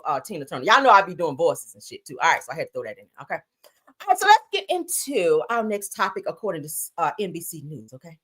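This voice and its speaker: A sassy woman streamer reads the news and fires back at it, calling out to her viewers and swearing freely. Her pitch swings up and down in an animated way while she talks. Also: husky. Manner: sassy, emphatic, cusses, talks to viewers as y'all. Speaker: host. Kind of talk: live-stream commentary.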